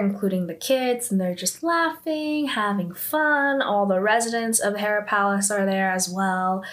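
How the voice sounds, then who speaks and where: A woman with a mid-pitched voice walks through a drama episode in a relaxed, offhand way. Her talk is scattered with fillers and small restarts, and she drops in her own opinions as she goes. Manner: loose and chatty, full of "like" and "um" fillers. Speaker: drama recapper. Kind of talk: casual spoken recap of a TV drama episode.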